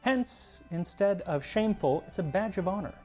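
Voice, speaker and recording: A man's voice: high voice, animated, moderate pace, darkish tone, faint music behind. A man hosting a cooking history show in scripted narration, with playful, jokey asides.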